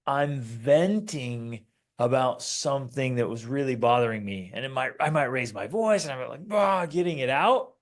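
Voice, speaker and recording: A man's voice: medium pitch, moderate pace. A middle-aged man co-hosting a family podcast, teaching in a casual way and acting out quotes in raised voices. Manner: animated storytelling, acts out quotes in raised voices. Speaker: podcast co-host.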